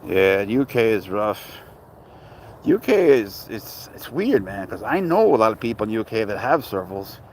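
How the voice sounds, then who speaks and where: A man's voice: very animated, measured pace, slight background noise. A man from Canada hosting a pet livestream, chatting casually and in slang with viewers and greeting them by where they tune in from. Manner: slangy, shouts out viewers' locations; rises into high playful baby talk with his pet. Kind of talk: casual live chat with viewers.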